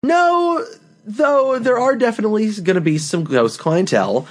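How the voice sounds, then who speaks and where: A man's voice: high-pitched, fairly quick. Guy rambling thru an improv story on a podcast, voice jumps around a lot. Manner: rambling, animated storytelling with fillers. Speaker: podcast co-host. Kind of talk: improvised comedy chat.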